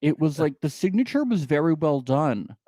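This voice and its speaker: A man's voice: a little high, sing-song, moderate pace, dark tone, no room sound. A man co-hosting a casual podcast recap, chatty and laughing, with many fillers. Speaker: podcast co-host.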